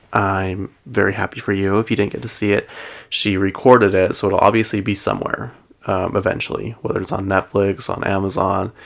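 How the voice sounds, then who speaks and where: Low, gravelly-voiced man recapping gossip. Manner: chatty, heavy use of "like" and "um"; laughs between sentences. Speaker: pop culture show host.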